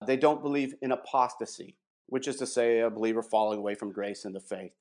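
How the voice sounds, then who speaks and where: A man giving a measured, emphatic theological explanation and reading passages aloud. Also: mid-range voice, level tone, darkish tone. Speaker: guest presenting doctrine. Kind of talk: explanatory theological talk with read quotations.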